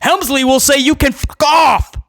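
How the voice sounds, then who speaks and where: A man giving a blunt, sarcastic, exasperated solo review, breaking into loud comic outbursts to mock what he saw. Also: very high-pitched, fairly even intonation, normal speed, no room sound, studio quality. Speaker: wrestling show reviewer.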